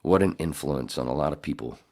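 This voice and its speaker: A man's voice: a bass voice, lively intonation, fairly quick, darkish tone. A middle-aged man hosting a podcast in casual chat, rambling and swearing, often laughing. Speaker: podcast host.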